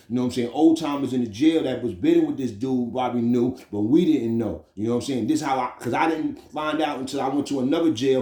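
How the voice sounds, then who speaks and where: A middle-aged man with a New York accent casually telling a story about his prison time, streetwise and animated, with frequent "you know what I'm saying.". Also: medium pitch, roomy sound. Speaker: storyteller recounting prison experiences.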